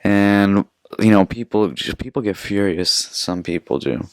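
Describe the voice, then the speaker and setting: A man's voice: fairly low pitch, measured pace, dry recording, clean studio sound. A young man from Canada hosting a casual solo podcast, telling stories in a rambling, profane, chatty way. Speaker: podcast host.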